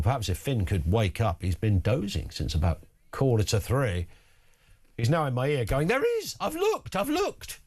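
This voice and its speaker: Lively wry radio host man. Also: fairly low pitch. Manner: animated, wry, chatty asides. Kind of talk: talk radio phone-in.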